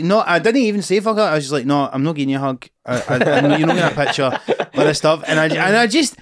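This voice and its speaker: A man's voice: fairly high pitch, lively intonation, fast, few pauses, dry recording. A young Scottish man, a comedian, telling a sweary anecdote while chatting in a podcast studio. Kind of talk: casual chat, storytelling.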